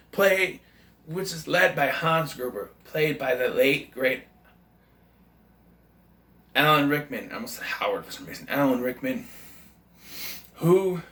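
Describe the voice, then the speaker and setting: Bright-voiced man rambling about movies. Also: medium pitch, echoey room. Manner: rambling, enthusiastic, self-correcting. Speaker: film reviewer. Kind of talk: casual movie review monologue.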